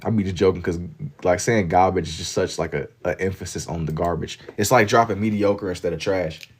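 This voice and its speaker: Drawing on a livestream, this Kentucky guy with a deep voice reads chat messages and responds with relaxed, slangy banter. He talks briskly, and there's slight background noise.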